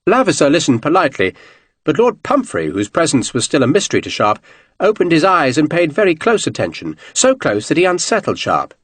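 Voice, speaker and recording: Expressive male audiobook narrator, dry sound. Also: fairly high pitch, a little fast, breathy edge, no echo. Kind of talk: scripted narration.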